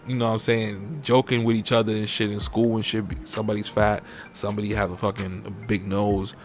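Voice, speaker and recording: A young man, hosting a podcast in a profane, animated rant that jumps into mocking high-pitched impressions. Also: brisk. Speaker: podcast host. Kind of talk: casual uncensored podcast rant.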